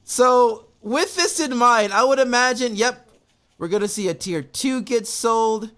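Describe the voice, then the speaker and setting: A man casting a strategy game match, excitable, often laughing and yelling advice at the players. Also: very high-pitched, a little slow. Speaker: game caster. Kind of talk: esports match commentary.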